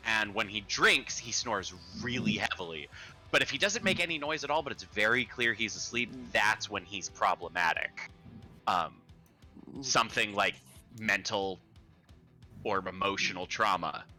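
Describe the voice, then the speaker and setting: Bright, animated man at a game table. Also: lowish voice, moderate pace, soft background music. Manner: animated, jokey, swears. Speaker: player. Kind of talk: playing a tabletop game on a live stream.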